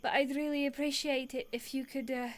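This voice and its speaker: A woman's voice: medium pitch, measured pace, a little mellow, natural voice. A woman voicing a kind, nervous young woman driving a cart, hesitant and full of fillers. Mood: earnest.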